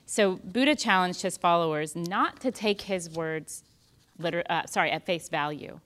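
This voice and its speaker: Low-voiced woman explaining Buddhist ideas. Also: normal speed, fairly bright tone. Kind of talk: casual conversation on Buddhism and spirituality.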